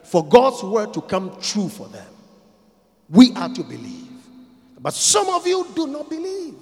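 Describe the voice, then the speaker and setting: A man preaching in a very high, lively voice at an unhurried pace. He drops to near whispers, then builds to shouts, hammering phrases by repetition. A long hall reverb trails each line. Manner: dramatic swings from quiet to shouting, repeating lines for emphasis. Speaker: pastor. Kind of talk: sermon.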